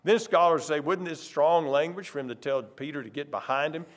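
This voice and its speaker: A man preaching a sermon, stressing words with sudden loud, slow phrases. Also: fairly high pitch. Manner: emphatic, varies loudness and pace for stress.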